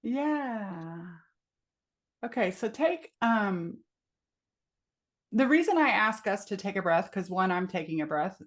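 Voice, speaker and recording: A woman leads a coaching session in a soft, measured voice, often pausing to slow things down. She sounds like she's on a video call, and her voice sits in an ordinary middle pitch. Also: lively intonation. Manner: gentle, slow, guiding. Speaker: IFS coach.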